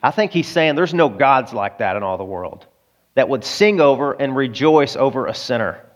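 A man's voice: medium pitch, lively intonation, normal speed. Conversational male preacher telling a story. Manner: conversational, with asides to the listeners. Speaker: pastor. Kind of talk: sermon storytelling.

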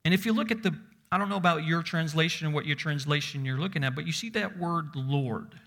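A man's voice: a little high, fairly quick, creaky, a bit bright. A man preaching a sermon as pastor, emphatic and stressing single words, reading scripture aloud with rising force.

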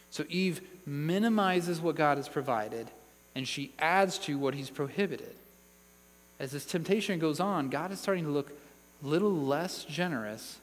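Brief emphatic preacher man, echoing hall. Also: fairly high pitch. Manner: earnest, emphatic Bible teaching with read-out verses. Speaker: pastor. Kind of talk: sermon. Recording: long hall reverb.

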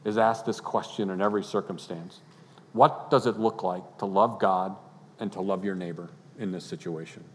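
A man preaching a sermon as pastor, earnest, building to impassioned peaks and then dropping quiet. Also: deep voice, steady tone, moderate pace, a little hiss or hum. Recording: long hall reverb.

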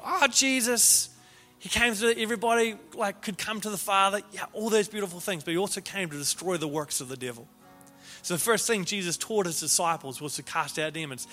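A man with a high, bright and ringing voice preaches in a story-telling way, lively and quick to restart his phrases. His voice echoes through a large hall with long reverb, and soft music plays under him. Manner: animated, repeats words at the start of phrases. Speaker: pastor. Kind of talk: sermon storytelling.

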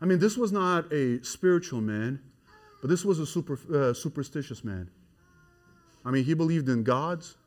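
Emphatic man preaching a sermon. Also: mid-range voice. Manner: emphatic, swinging from quiet to loud and excited. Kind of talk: expository sermon.

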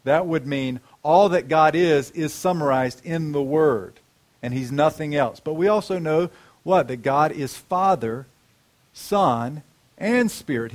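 A man preaching a sermon, asking the congregation questions and slowing down to stress key words. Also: fairly high pitch.

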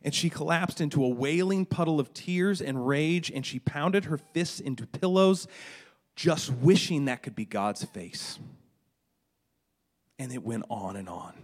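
A man's voice: on the high side, expressive, a little slow. A middle-aged man preaching a sermon, retelling a story dramatically with stammered restarts. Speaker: pastor.

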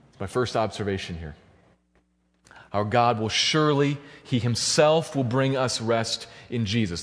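A man preaching a sermon, walking through a passage and building to fervent, high-pitched emphasis. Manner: builds to loud, high-pitched fervor at climaxes. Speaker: pastor. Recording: long church hall reverb.

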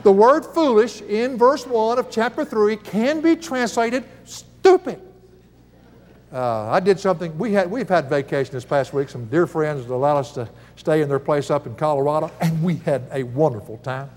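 A man's voice: on the high side, moderate pace, hardly any pauses, darkish tone, big-room sound. An older man, preaching a Bible lesson in a folksy, chuckling storytelling manner. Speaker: Bible teacher. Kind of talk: sermon with personal stories.

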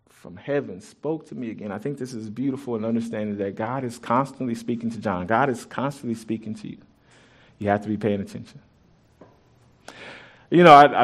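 A pastor preaching a sermon in an animated, conversational way, mixing Bible reading with personal stories. He often restarts his sentences, and his loudness jumps suddenly. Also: medium pitch. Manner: conversational and joking with the congregation. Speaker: pastor and youth track coach.

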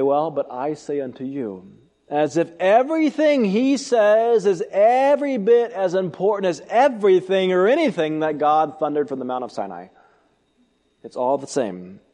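Emphatic male preacher in reverberant hall. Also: mellow. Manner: emphatic, rhetorical questions, wide swings in pitch and volume. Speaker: pastor. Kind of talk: expository sermon.

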